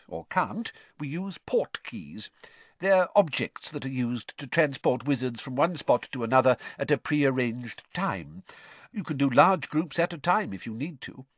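A man's voice: medium pitch, no echo, pitched above the performer's own voice. A man voicing a weary, kindly middle-aged father patiently explaining things.

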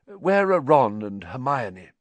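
Man doing a gentle, thoughtful teacher. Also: medium pitch, very animated, slow pace, no room sound, pitched above the performer's own voice. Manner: gentle, thoughtful, lightly amused. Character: calm, kindly male teacher.

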